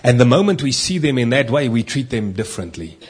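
A man preaching a sermon, emphatic, swinging between loud stressed lines and quiet asides. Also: mid-range voice, big pitch swings, a little fast, slightly rough. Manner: emphatic, rising and dropping loudness for stress.

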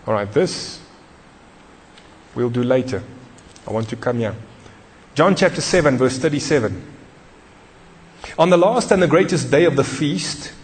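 A man's voice: medium pitch, animated, measured pace, pauses often, long reverb tail. A man preaching a sermon, emphatic and repetitive, putting questions to the congregation. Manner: emphatic, repeats key phrases, questions the congregation.

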